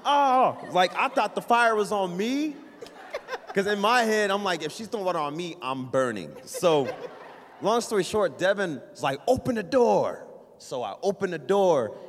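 A man telling a funny family story to a church gathering in a casual, animated way, with a long hall reverb around his voice. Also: high voice, a little hiss or hum. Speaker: church member sharing a story.

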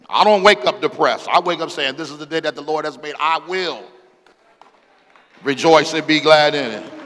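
A man in his forties preaching a sermon as pastor, calling out to the congregation, swinging between loud exclamations and quiet scripture reading. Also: fairly high pitch, animated, moderate pace. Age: 40s. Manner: call-and-response preaching, rises to shouts, reads scripture aloud. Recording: long hall reverb.

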